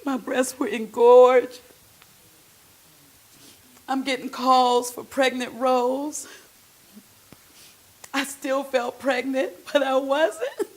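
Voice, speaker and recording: Slow, high-voiced woman in a stage monologue. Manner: emotional, swinging from hushed to shouting. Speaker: stage performer in a one-woman show. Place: theatre stage.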